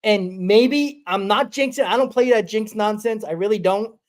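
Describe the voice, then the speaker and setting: Sports stream host rambling about the game, mid pitch, lots of restarts. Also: normal speed. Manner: rambling, repeats himself. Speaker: podcast host. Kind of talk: casual sports talk.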